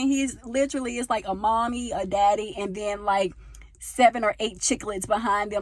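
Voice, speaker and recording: A young woman from the United States talking casually into a handheld phone, telling a personal story and getting louder as she gets passionate. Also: mid-range voice, fairly quick, no echo. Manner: animated, gets loud when passionate. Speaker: vlogger. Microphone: phone held in hand.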